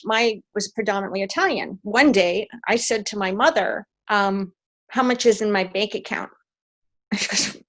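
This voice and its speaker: Animated, story-telling woman from Canada. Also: fairly high pitch, a little fast. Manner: animated storyteller, acts out quotes. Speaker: discussion participant. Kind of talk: casual group video chat. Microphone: video call.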